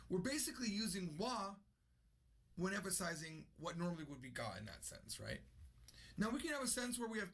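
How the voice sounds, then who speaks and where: A man's voice: sits high, creaky, a bit bright, breathy edge. A man teaching a casual online lesson with energy, repeating example sentences aloud. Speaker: language teacher.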